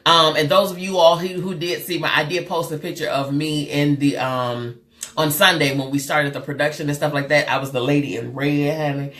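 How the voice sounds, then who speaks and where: A woman hosts a live stream from her webcam, chatting with her viewers. Her voice sits a little low, but it jumps up and down a lot as she goes. She is lively and talky, and she calls people girl and honey. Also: moderate pace. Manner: loud, expressive swings in pitch. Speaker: live show host and therapist.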